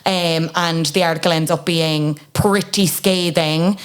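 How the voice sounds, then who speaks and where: A woman's voice: deep voice, fairly even intonation, unhurried, clean tone. A woman guest on a podcast, chatting casually about a reality show. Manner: chatty, with fillers like "you know". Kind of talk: casual pop culture chat.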